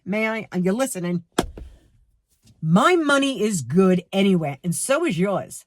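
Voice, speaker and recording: A middle-aged woman with a New York accent ranting to her viewers about a rude cashier, heated and animated, speaking to them directly. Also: medium pitch, measured pace, no echo, studio quality. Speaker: vlogger. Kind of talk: storytime rant to camera.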